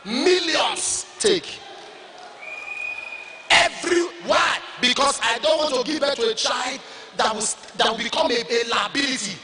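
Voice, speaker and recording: A Nigerian pastor in a sermon, with a man's voice that sits very high. He shouts and chants his points in a sing-song rhythm. He sounds far from the mic in an echoey hall. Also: unhurried, noisy background. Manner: emphatic, shouted lines and sing-song repetition.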